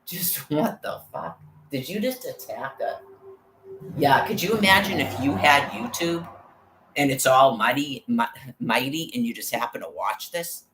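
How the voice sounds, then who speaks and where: Her voice rumbles low yet sounds fairly bright, with lively intonation and a measured pace. The woman vlogger rants agitatedly through a rambling, profane tale of being harassed. The room is audible, and faint background noise sits underneath.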